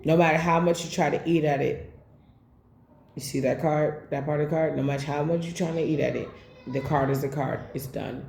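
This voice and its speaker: A tarot reader with a low, creaky, darkish voice speaks briskly and with fairly even intonation. She names the cards in a casual reading, blunt and frequently profane, while a roomy echo and faint background noise color the recording.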